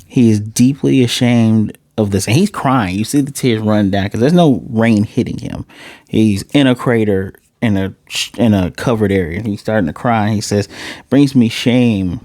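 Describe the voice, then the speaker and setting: A man giving a casual, animated recap of an anime episode, swearing freely and restarting his phrases as he goes. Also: lowish voice, moderate pace, no echo. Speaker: anime reviewer.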